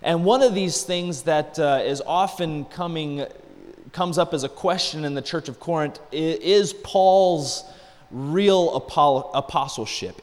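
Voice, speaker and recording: A middle-aged man preaches from the pulpit in a conversational, off-the-cuff style. He leans on rhetorical questions and asides. The church hall gives his voice a long, ringing reverb. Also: on the high side. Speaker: pastor. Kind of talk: sermon. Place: church sanctuary.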